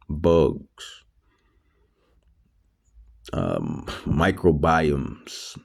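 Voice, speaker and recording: Very deep slow-talking male preacher. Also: creaky, warm tone. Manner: repetitive, emphatic, many restarts and fillers. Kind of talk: religious teaching monologue.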